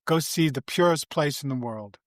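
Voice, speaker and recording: An older man, a podcast guest, telling animated and rambling anecdotes with frequent restarts. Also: a little high, normal speed, no echo, studio quality. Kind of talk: casual interview storytelling.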